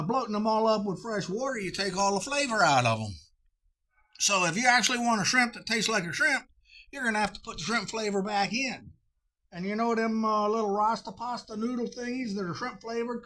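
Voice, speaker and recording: A man's voice: high-pitched, bright, forceful tone. A man, hosting a cooking show in a folksy, rambling way. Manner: folksy, drawling, with frequent uh fillers.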